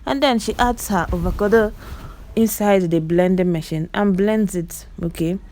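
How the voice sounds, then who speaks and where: A woman's voice: medium pitch, normal speed, darkish tone, slight background noise. A woman with a Nigerian Igbo accent giving chatty voice-over commentary on clips, exclaiming often and talking straight to her viewers. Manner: repeats words for emphasis. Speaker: vlogger.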